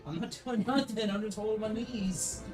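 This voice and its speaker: A woman streamer in casual chat who teases, swears and laughs a lot, grunting with effort as she horses around. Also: mid-range voice. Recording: clear music playing behind.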